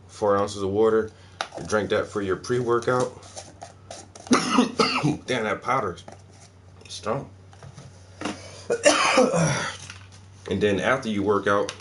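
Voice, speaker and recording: Casual South Carolina man, lowish voice, loose slangy vlog chat, faint room hiss. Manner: loose, profane, laughing slang talk. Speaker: vlogger. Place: indoors at home.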